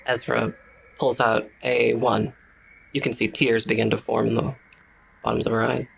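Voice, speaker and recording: A man narrating a tabletop game as game master, measured and hesitant, with fillers. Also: medium pitch, flat delivery, gravelly, a bit bright, breathy edge.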